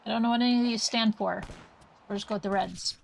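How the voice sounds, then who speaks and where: A woman's voice: medium pitch, fairly even intonation, fast, creaky, a little hiss or hum. A woman streamer reading game dialogue aloud during a live playthrough, with playful asides.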